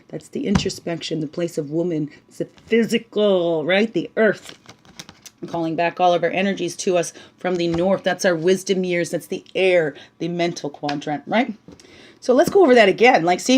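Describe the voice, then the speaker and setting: A woman giving a casual spiritual talk while reading oracle cards, bubbly and chatty, often tagging on "right?" and slipping into soft, hushed asides. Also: fairly low pitch, slight background noise. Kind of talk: casual spiritual teaching monologue.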